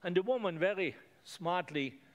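A man's voice: high-pitched, lively intonation, moderate pace. Earnest man preaching a sermon. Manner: earnest, simple phrasing with emphatic repetitions.

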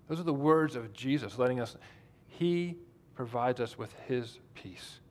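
A man's voice: mid-range voice, lively intonation, unhurried, hardly any pauses. A man preaching a sermon in a conversational way, asking the congregation questions. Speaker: pastor.

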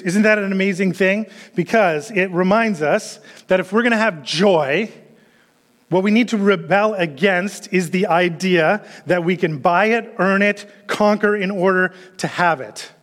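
A man's voice: high voice, big-room sound. A man preaching a sermon as pastor, leading his congregation through a memory verse with call-and-response. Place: church sanctuary.

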